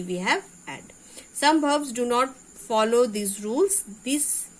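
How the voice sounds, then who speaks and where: Indian english lady teaching grammar, slow pace, spells letters out, asks herself questions. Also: mid-range voice, a bit bright, rough recording. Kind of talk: classroom grammar lesson.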